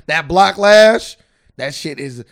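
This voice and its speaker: A man's voice: on the high side, lively intonation, takes it slowly, vocal fry. A young man co-hosting a podcast, talking casually in slang and laughing often. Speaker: podcast co-host. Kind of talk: casual chat.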